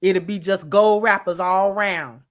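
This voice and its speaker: A middle-aged woman, hosting a casual livestream and talking straight to her viewers in an animated, drawling way. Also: medium pitch, measured pace. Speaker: channel host.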